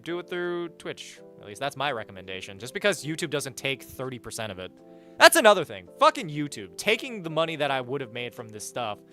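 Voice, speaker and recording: Lively bright-voiced man ranting on stream. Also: mid-range voice. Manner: animated and blunt, swears freely, rants. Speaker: livestreamer. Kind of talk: casual livestream chat, reading donations and chat aloud.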